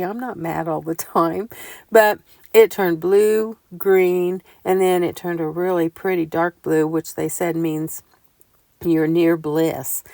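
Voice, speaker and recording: An older woman telling homey stories in a chatty, casual voiceover, growing animated as she recounts things. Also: on the low side, no echo. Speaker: vlogger. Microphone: close mic voiceover.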